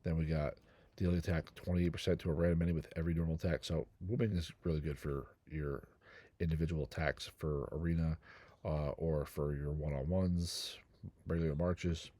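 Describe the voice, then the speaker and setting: A man's voice: a bass voice, fairly even intonation, a little fast, mellow, no room sound. A middle-aged man hosting a gaming channel, talking through a game guide in a rambling, jokey, self-deprecating way. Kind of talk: casual game guide commentary.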